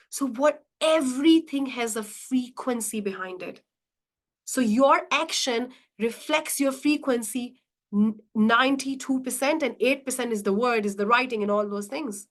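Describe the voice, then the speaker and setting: A woman with a fairly high voice coaches a live online session on money mindset. She teaches earnestly, repeats her key points and slips into little acted-out examples to make them land. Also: normal speed.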